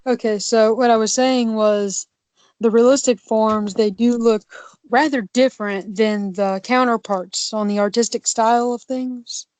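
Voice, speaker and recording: A woman's voice: on the high side, fairly even intonation, a little slow, darkish tone, dry recording. A woman cohosting a casual podcast discussion, rambling with many restarts and fillers.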